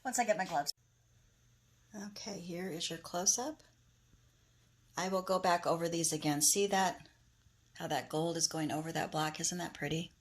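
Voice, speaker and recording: A woman's voice: on the low side, normal speed, long pauses. A woman hosting a casual crafting tutorial, chatting enthusiastically while she works in her home studio. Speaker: craft video host.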